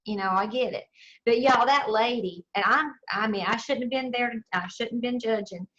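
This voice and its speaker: A woman with a Southern US accent, a sales director telling her team her story in a chatty, expressive motivational talk. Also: fairly high pitch, moderate pace, muffled recording, noisy background. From southern United States. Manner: chatty and expressive, addresses listeners as y'all.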